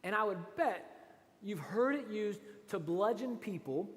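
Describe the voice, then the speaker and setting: Brief: male pastor, lively swooping high voice, chatty sermon in a reverberant church hall. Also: a little slow. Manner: animated, conversational, rhetorical asides.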